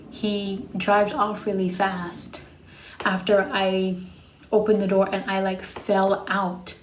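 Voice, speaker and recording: A woman's voice: mid-range voice, monotone, slow, long pauses, reverberant, a little hiss or hum. A young adult woman telling a personal story in a casual storytime vlog, frank and profane. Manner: frank and profane, blunt retelling.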